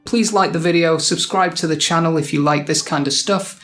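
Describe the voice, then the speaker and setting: A man's voice: fairly high pitch, moderate pace, fairly bright tone, faint music behind. A young man from Sheffield with a Yorkshire accent, teaching English dialect in a scripted lesson and switching into broad dialect for the examples. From Sheffield, England.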